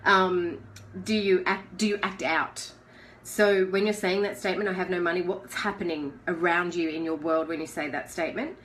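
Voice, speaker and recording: A woman's voice: on the low side, fairly even intonation, moderate pace, a bit bright, slight background noise, poor audio. A woman giving a casual live coaching talk in a chatty, conversational way, asking the listener questions. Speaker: life coach.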